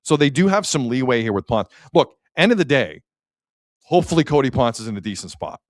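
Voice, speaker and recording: Male sports radio host, lively swinging pitch, dry close sound, chatty. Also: fairly quick, dry recording. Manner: animated, chatty, reads stats aloud. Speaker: sports talk show host. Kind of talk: casual sports talk.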